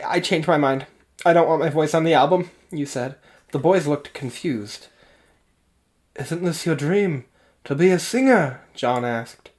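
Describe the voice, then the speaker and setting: Low-voiced giggly woman co-host. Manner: giggly, self-deprecating. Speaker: podcast co-host. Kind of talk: casual banter and reading fan fiction.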